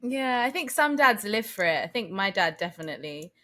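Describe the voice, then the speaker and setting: A woman co-hosting a podcast, talking in an animated, reflective way and laughing easily. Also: mid-range voice, brisk. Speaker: podcast co-host. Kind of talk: casual chat.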